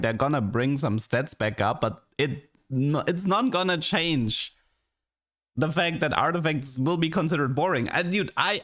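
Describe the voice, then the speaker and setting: With a medium-pitched, slightly bright voice, a man offers casual livestream commentary while gaming. He rants in an exasperated way, often restarting and saying "like".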